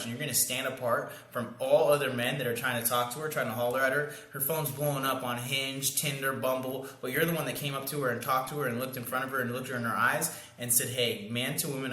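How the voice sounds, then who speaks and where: A man's voice: medium pitch, steady tone, fast, sharp tone. A young man coaching in a casual, slangy monologue, acting out pickup lines and sound effects. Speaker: dating coach. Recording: echoey room.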